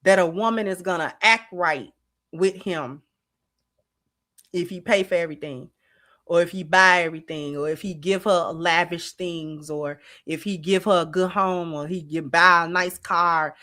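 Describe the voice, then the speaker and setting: A middle-aged woman, hosting a casual livestream and talking straight to her viewers in an animated, drawling way. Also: lowish voice, moderate pace. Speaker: channel host.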